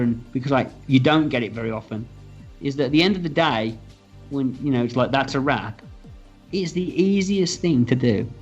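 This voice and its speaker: A film director telling stories from the set in a casual, animated interview, acting out quotes and swearing freely. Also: male voice, mid-range voice, breathy edge. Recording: slightly dull audio with faint music.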